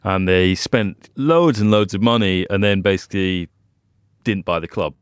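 Really deep-voiced guy, dry ironic jokes, lots of ums, close dry mic. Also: moderate pace, clear, resonant tone, no room sound. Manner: dry, ironic asides, hesitant fillers. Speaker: podcast co-host. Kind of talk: casual chat.

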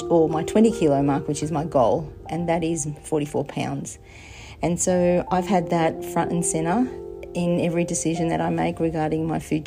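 A woman leaves a measured, sincere voicemail, pausing now and then. Her voice is very low, flat and gravelly. Guitar music plays clearly behind her. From Australia. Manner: measured, sincere, with pauses and ums. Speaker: voicemail caller. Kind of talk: phone voicemail message.

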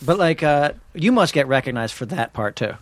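A man's voice: on the high side, lively intonation, normal speed, no echo. Dry-sounding male podcast co-host. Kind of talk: casual chat.

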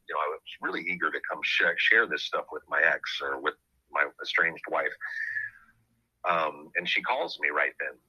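Man, low voice, very bright tone, podcast host, earnest, reflective storytelling. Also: breathy edge, no room sound, dull audio. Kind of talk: personal storytelling.

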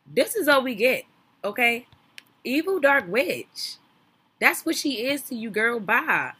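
A young woman hosting a podcast, giving sassy, gossipy reaction commentary on a reality show, loud one moment and mumbling the next. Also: medium pitch, slight background noise. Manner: sassy, animated, gossipy, swings between loud outbursts and mumbling asides.

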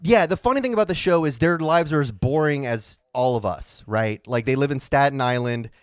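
A man's voice: mid-range voice, brisk, clean tone, no room sound, clean studio sound. A young man co-hosting a podcast, chatting casually and joking. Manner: joking, expressive. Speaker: podcast co-host. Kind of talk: casual chat.

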